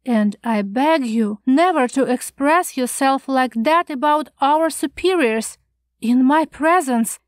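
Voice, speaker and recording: A woman's voice: high voice, takes it slowly, dry recording, studio quality. A woman reading the part of an anxious, prim older male schoolmaster who frets and lectures in a scandalized tone. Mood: offended.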